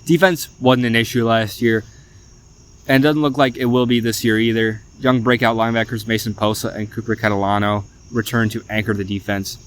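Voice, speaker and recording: A young man, hosting a casual sports podcast, chatty and animated, often saying "y'all". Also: on the low side, fairly quick, clear, resonant tone. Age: young adult. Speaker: podcast host.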